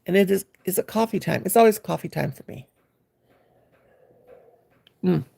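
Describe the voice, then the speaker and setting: A woman's voice: on the low side, moderate pace, creaky, mellow, slightly rough. A woman, chatting casually with viewers on a crochet livestream, greeting them by name in a homey, folksy way. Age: 60s. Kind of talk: casual live-stream chat. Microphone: phone.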